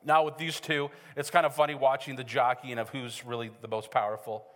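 A middle-aged male pastor preaching a sermon in a church, animated and joking, acting out quotes as he tells stories. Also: medium pitch, a little fast. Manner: animated, joking storyteller who acts out quotes. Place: church sanctuary. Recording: hall reverb.

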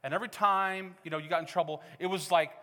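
A man's voice: sits high, fairly even intonation, fast talker, bright, forceful tone. A middle-aged man preaching a sermon as pastor, conversational and joking with the congregation. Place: church hall. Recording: reverberant church hall.

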